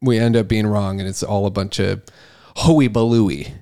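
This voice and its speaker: A man with a fairly low voice co-hosting a podcast in casual conversation. He talks haltingly, restarting his sentences often, and his voice climbs when he gets emphatic. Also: fairly even intonation, mellow, clean tone. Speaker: podcast co-host. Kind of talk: casual faith talk.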